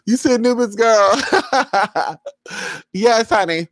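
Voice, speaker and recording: Animated woman spilling gossip, dry close mic. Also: medium pitch, unhurried, pauses often, no room sound. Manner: animated, acts out other people's voices, addresses viewer as "girl" and "honey". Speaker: spiritual reader and vlogger. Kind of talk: casual gossipy storytelling.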